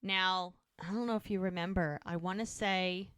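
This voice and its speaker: A woman's voice: on the low side, fairly even intonation, moderate pace, fairly bright tone, smooth, dry recording, clean studio sound. A woman co-hosting a rewatch podcast, chattily recapping an episode scene by scene. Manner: chatty, retells scenes acting out lines.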